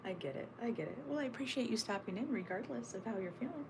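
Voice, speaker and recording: A woman's voice: fairly high pitch, fast. A woman hosting a casual livestream at home, chatting with viewers and answering their comments, often dropping to a whisper. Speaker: livestream host. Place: at home looking out over a snowy backyard. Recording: steady background noise.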